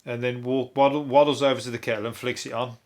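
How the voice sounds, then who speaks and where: With a flat delivery, a quick pace and a darkish, medium-pitched tone, a male comedian reviews the news alone on his podcast. His talk wanders, he curses constantly, and he laughs at his own jokes.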